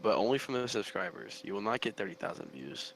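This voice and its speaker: A man's voice: fairly low pitch, fast talker, creaky, fairly bright tone, slight background noise, low-quality recording. A man in a casual gaming chat, teasing his friends in playful banter.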